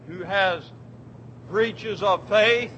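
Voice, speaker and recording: A man preaching a sermon in a church, fervent, swinging from quiet, drawn-out words to shouted declarations. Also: sits high, dull audio, slight background noise.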